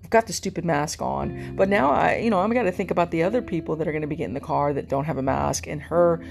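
A woman, a rideshare driver, telling an animated, indignant story to camera from her parked car. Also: low voice, rapid-fire, creaky, faint music behind. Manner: animated, indignant, quotes others in acted voices.

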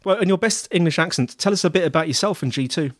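Dry-humored man hosting, higher voice. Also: animated, quick pace. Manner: dry, joking, some stammering. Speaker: podcast host. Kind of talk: podcast interview hosting.

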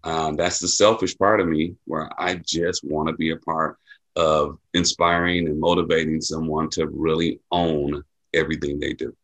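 A man's voice: rumbling low, flat delivery, moderate pace, a bit bright. A man from Milwaukee, an athletic director and mentor, answering interview questions in an earnest, heartfelt way that often repeats a phrase. He gets emotional as he speaks. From Milwaukee, USA. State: emotional, near tears.

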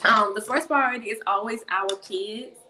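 A woman's voice: mid-range voice, moderate pace, noisy background. Woman, 30s, earnest panel speaker on a phone mic, echoey room. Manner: earnest, repeats phrases for emphasis. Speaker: mother and book co-author on a panel. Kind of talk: encouraging panel talk.

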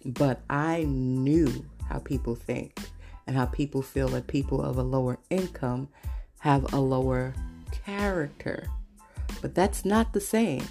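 A woman's voice: extremely low pitch, a little slow, dark tone, faint music behind. An American woman hosting a podcast, talking in an emphatic, profane, casual monologue that repeats points for emphasis. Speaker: podcast host. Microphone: podcast mic.

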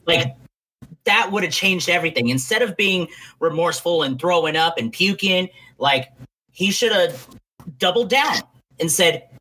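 A man's voice: sits high, animated, normal speed, bright, forceful tone, poor audio. A man co-hosting a casual wrestling podcast, emphatic, acting out what a wrestler should have said. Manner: emphatic, acts out lines. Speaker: podcast co-host.

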